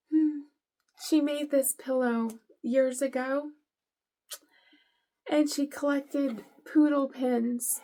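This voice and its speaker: A woman's voice: high voice, fairly even intonation, takes it slowly, dark tone. A middle-aged woman vlogger unboxing gifts, gushing and teary with emotion. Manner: gushing, emotional, tearful at times. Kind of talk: casual unboxing vlog.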